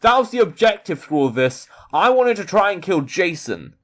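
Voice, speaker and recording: A man's voice: sits high, sing-song, normal speed. A man reading an online quiz aloud in character and reacting to it, swearing casually and boasting in mock bravado. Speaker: YouTuber playing a character persona.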